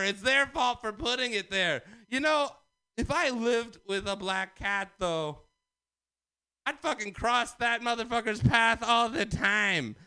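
A man doing a loud, manic stand-up set at an open mic, ranting about conspiracies. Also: very high-pitched, measured pace, smooth, no room sound. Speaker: stand-up comedian.

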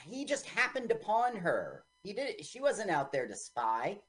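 A woman co-hosting a radio show, bantering playfully about a movie, jokey and quick to interrupt. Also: mid-range voice, huge pitch swings, breathy edge. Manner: joking, quick to interrupt and argue. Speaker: radio co-host. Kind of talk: casual banter while watching a movie. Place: radio studio.

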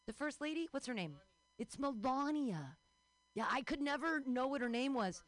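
A woman's voice: sits high, expressive, moderate pace, no echo. A woman in her thirties hosting a comedy show, riffing sarcastically and introducing comedians. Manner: sarcastic and rambling.

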